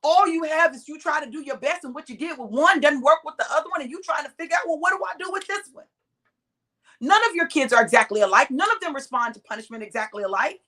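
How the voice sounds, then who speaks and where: A woman's voice: sits high, lively intonation, fast talker, hardly any pauses, pushed and bright. A middle-aged woman preaching straight to her listeners, emphatic and direct, drawing out the words she stresses. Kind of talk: sermon-style exhortation.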